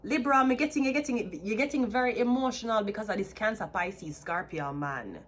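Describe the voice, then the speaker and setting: A woman with a Jamaican accent giving a chatty tarot card reading, excitable and repeating herself. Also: mid-range voice, fairly quick. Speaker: tarot reader. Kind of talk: casual tarot reading to camera.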